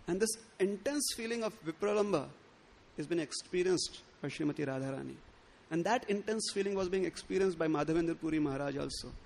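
A man delivers a scriptural sermon expressively, acting out quoted lines with rising pitch and stammered restarts.

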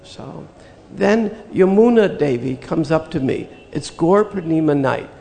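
An older man telling a personal spiritual story in an earnest, reflective way, with slow pauses. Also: on the high side, expressive, creaky, warm tone, big-room sound. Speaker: spiritual teacher recounting memories.

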